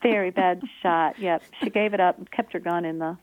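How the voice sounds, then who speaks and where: A woman's voice: lowish voice, fairly even intonation, moderate pace. Earnest author woman on a tinny line. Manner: earnest, enthusiastic. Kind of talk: interview answers and reading aloud. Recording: dry tinny phone-like line.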